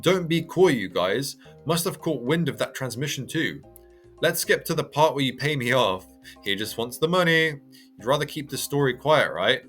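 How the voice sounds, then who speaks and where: A man's voice: mid-range voice, lively intonation, normal speed, a bit bright, soft background music, natural voice. Man doing a smug, conniving newspaper boss. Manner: smug, taunting. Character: greedy young male newspaper boss, conniving.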